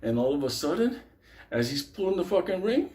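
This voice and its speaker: With a fairly quick pace and a high-sitting voice, a man rambles casually through a wild personal story. He swears constantly and keeps breaking into laughter, staying animated throughout.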